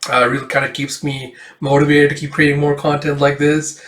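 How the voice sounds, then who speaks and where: A man's voice: a little high, level tone, fairly quick, fairly bright tone. A man casually reading a comic aloud and narrating the panels in a rambling, filler-filled way. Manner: rambling, filler-heavy retelling. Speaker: comic reader. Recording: roomy echo.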